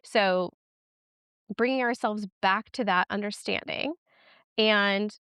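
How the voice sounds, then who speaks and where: Smooth-voiced chatty woman guest. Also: medium pitch, takes it slowly, no echo, studio quality. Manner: chatty, animated, many "like" fillers. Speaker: podcast guest, twin parenting educator. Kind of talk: casual interview chat.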